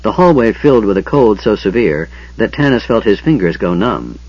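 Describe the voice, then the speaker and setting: A man reading a fantasy audiobook aloud in an expressive, dramatic storytelling manner. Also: fairly low pitch, normal speed, slightly rough, no echo. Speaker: audiobook narrator. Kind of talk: scripted audiobook narration. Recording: dull lo-fi audiobook recording.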